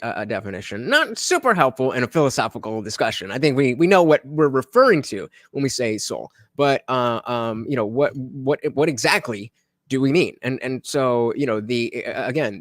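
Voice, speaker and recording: A man of ordinary pitch hosts his own live stream and comments on a debate recording. He talks in a loose, halting way, full of fillers and restarts. His voice is dry, with no room echo around it.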